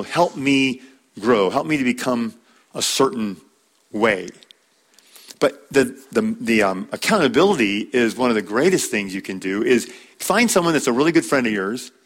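A man teaching a church class on marriage, talking in a conversational way, repeating words and using fillers. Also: medium pitch.

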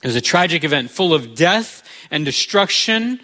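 Un hombre estadounidense de mediana edad que predica con un tono sincero y conversacional, voz algo aguda y muy brillante. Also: male voice, on the high side, sing-song, moderate pace, sharp tone. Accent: American. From United States. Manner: earnest, conversational storytelling. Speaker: pastor. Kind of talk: sermon.

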